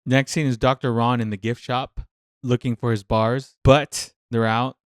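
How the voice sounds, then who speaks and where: Male nurse, casual reaction vlogger; resonant voice, mid pitch, vents and repeats himself when fired up. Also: level tone, measured pace, no echo, studio quality. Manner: passionate, venting, thinks aloud with repeated phrases.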